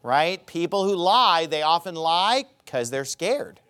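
Preacher, male, high voice with big swings, animated sermon delivery. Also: slow, clean tone. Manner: animated preaching, mocking acted quotes. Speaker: pastor.

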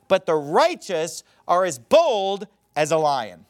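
A man preaching a sermon, reading scripture and acting out quotes in a mocking, animated way. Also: high voice, moderate pace, hardly any pauses. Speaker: pastor.

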